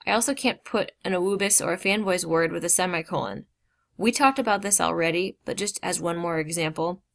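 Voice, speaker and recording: A woman teaching a grammar lesson. She explains slowly, stresses key words and drops casual asides. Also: on the low side, a bit bright.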